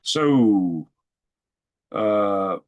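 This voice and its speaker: A man's voice: lowish voice, lively intonation, very slow, highs cut off. A man hosts his channel, reading news articles off a shared screen and commenting in a rambling way, chuckling and thinking aloud as he goes. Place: at home at a computer.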